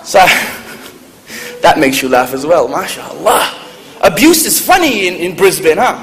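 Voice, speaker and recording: A man telling funny stories to an audience in a lively, joking manner. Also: high-pitched, a little slow. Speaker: speaker at a public event. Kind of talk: humorous storytelling talk. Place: large hall with audience. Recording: echoey hall, faint noise.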